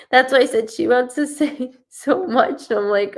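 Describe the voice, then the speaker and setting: Speaking at normal speed with hardly any pauses, this young woman's voice sits on the high side. She's doing a live medium reading, chatty and animated, laughing a lot and voicing the spirit's words with liveliness as she passes them on.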